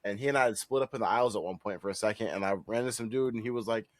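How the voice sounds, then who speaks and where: A man co-hosting a podcast talks loosely and with swearing. He acts out other people's voices in higher, louder tones. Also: very fast, no echo. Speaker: podcast co-host. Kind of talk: casual chat.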